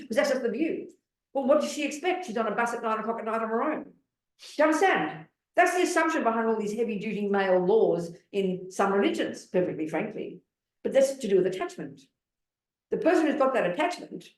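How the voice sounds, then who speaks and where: A woman in her seventies, a Buddhist nun giving a dharma talk in a blunt, emphatic way, pressing her listeners with rhetorical questions. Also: mid-range voice. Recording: roomy hall sound.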